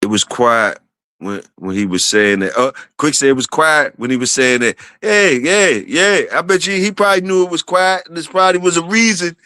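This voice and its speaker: Bright-voiced man hosting a casual livestream. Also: on the high side, normal speed, smooth, dry recording, clean studio sound. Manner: shouts out viewers, repeats phrases. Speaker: livestream host.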